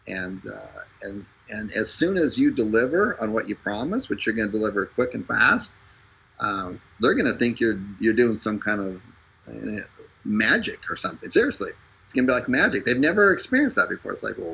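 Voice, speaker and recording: A man hosts a live stream with a gravelly, raspy voice and a forceful, bright tone. He delivers a casual, joking sales pitch that is full of fillers and restarts. He speaks over an internet connection. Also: rough recording.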